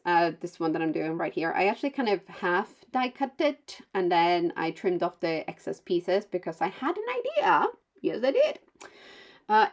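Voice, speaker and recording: A woman who is not a native English speaker, chatting through a card-making video in a rambling, bubbly way full of fillers and self-corrections. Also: medium pitch. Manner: bubbly, with playful asides. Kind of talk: casual voice-over narration of a crafting video.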